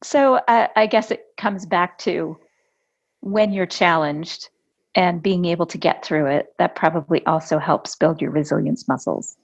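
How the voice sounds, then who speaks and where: A woman's voice: fairly low pitch, measured pace, creaky. A woman hosting a podcast interview, a life coach telling stories about her clients in a conversational way. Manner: storytelling, animated when recounting conversations. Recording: dull lo-fi audio.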